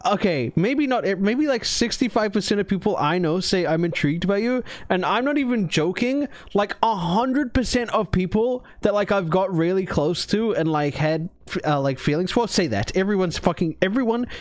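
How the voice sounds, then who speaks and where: A man streaming live, chatting in an excitable, rambling and crude way. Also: high-pitched, moderate pace, no echo.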